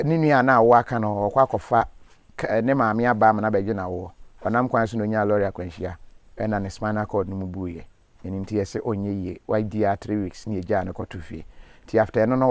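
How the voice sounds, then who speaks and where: Out in a forest, this host conducts a field interview in a somewhat low, darkish voice with no echo. His manner is relaxed and moves between languages, punctuated by encouraging asides that sound like preaching.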